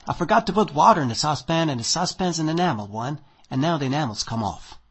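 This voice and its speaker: Man voicing a tipsy blunt Soviet host, husky tone, lively swooping pitch, emphatic. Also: quick pace. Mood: flustered.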